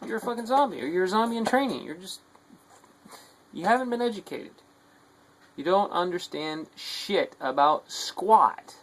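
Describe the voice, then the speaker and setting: A man ranting in a bitter, profane monologue, shifting from low muttering to angry shouting. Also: animated, normal speed, low-quality recording. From United States. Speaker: video diarist.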